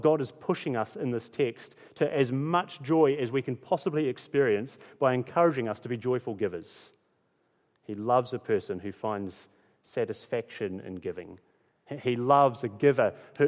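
A man's voice: mid-range voice, a little mellow. Earnest male pastor preaching in a reverberant hall. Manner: earnest, repeats key phrases for emphasis. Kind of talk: sermon.

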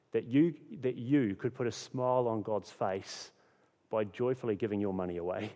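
A man's voice: on the low side, a little mellow. A man preaching a sermon as pastor, earnest and repeating key phrases for emphasis. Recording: long hall reverb.

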